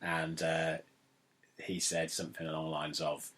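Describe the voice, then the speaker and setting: A man's voice: extremely low pitch, monotone, moderate pace, fairly bright tone. A young man from England hosting a podcast in casual, rambling, jokey chat that keeps wandering into digressions. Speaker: podcast host.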